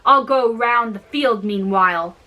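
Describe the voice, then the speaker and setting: A woman's voice: on the high side, measured pace, pushed and bright. A woman voicing a strong young male giant who talks firmly and plainly to his father in a storybook reading. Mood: demanding.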